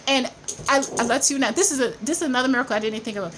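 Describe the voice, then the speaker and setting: A woman's voice: fairly high pitch, rapid-fire, a bit bright, a little hiss or hum, low-quality recording. A woman vlogging in casual storytelling mode, emphatic and repetitive, insisting again and again that she is telling the truth.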